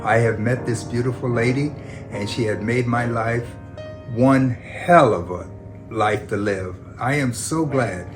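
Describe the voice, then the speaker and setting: Man, average pitch, sincere heartfelt talk, guitar music playing clearly behind. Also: unhurried. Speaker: interviewee, partner of the main guest. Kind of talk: personal testimony.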